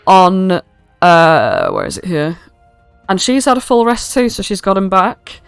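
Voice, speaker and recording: A woman narrates a tabletop game as game master in a loose, chatty way, swearing and stopping for fillers. Her voice is smooth and clear. The mic is close and dry. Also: medium pitch, sing-song, a little slow, no echo, faint music behind. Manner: casual and swearing, with many fillers. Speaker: dungeon master.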